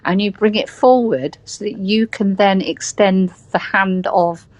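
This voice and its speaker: A woman's voice: mid-range voice, fairly even intonation, measured pace, a little mellow, dry recording, low-quality recording. A British woman with a West Country accent, speaking earnestly as a guest in a casual conversation. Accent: West Country English. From Britain. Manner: earnest, acts out quoted voices.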